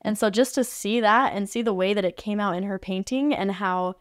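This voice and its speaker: A podcast guest and art facilitator recalls an experience in a relaxed, chatty way at a fairly quick pace, her sentences full of "like." Her voice is smooth, clear and middle-pitched, and the studio sound is dry and close with no room echo.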